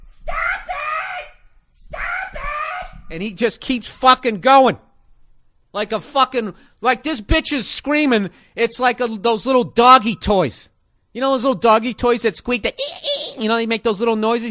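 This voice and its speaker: A man telling a comic story as a profane rant, animated and full of sound effects. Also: very high voice.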